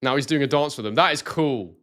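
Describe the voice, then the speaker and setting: Hosting a live boxing stream, this young British man from Scotland speaks in a mid-range voice at a fairly quick pace. His accent sounds southern English, like London, and he reads chat messages aloud with excitement amid casual commentary.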